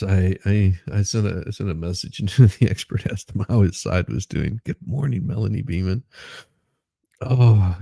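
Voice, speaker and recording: A man with a gravelly, husky voice hosts a casual morning livestream. He talks slowly, greets chat viewers by name, and laughs often as he goes. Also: lowish voice, dark tone, dry recording. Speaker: livestream host.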